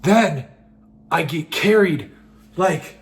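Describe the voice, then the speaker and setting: A young man telling a wild personal story in a casual, excitable way, with lots of "like" and "just". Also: fairly high pitch, very slow, vocal fry.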